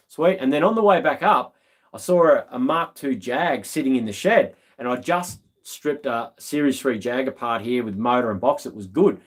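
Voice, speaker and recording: A man's voice: mid-range voice, lively intonation, normal speed. An Australian man hosting a live stream, telling stories in a laid-back, slangy way with lots of ums. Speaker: livestream host. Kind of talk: casual live-stream chat.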